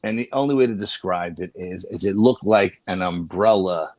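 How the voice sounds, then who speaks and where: A man's voice: sits low, normal speed, a little mellow, no echo. An older man, a paranormal investigator and guest, tells a rambling story in a casual way, with many restarts and "you know"s.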